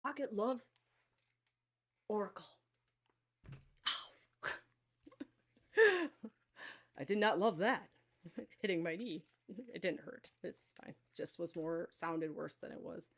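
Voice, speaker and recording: A woman's voice: lowish voice, animated, slow, pauses often, breathy edge. A woman hosting a live stream of card and pendulum readings, talking casually to viewers in a rambling way with many fillers and restarts.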